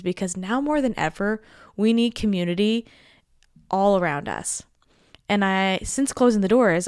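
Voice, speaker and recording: A woman's voice: medium pitch, a little mellow, dry recording, clean studio sound. A young adult woman hosting a solo podcast, speaking in an earnest, heartfelt and enthusiastic way. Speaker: podcast host.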